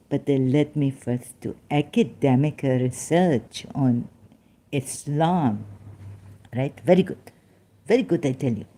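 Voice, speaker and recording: A woman's voice: rumbling low, takes it slowly, warm tone, a little hiss or hum. A woman vlogger with a non-native English accent, talking straight to her viewers in an emphatic, rambling way. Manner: emphatic, rambling, addresses listeners directly. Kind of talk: unscripted monologue to viewers.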